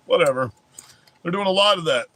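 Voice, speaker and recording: A man's voice: sits high, animated, a little fast, sharp tone, a little hiss or hum. A man ranting on his vlog in a heated, rambling way, swearing constantly. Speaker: vlogger. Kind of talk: profane political rant.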